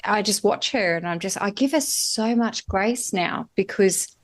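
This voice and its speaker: A woman's voice: medium pitch, lively intonation, a little slow. A middle-aged woman hosting a podcast, talking candidly in casual conversation, swearing freely and laughing easily. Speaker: podcast host.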